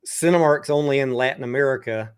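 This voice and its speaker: A man in a casual online chat, speaking in a relaxed, hesitant way as he thinks aloud. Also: mid-range voice, quick pace, clean tone. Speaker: co-host.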